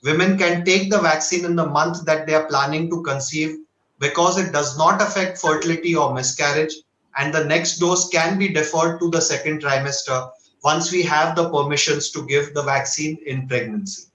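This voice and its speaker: A man with an Indian accent, a doctor giving a formal, measured slide lecture at a medical webinar. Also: fairly high pitch, bright, forceful tone, reverberant, poor audio. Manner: measured, earnest, asks for each next slide. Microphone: webinar audio.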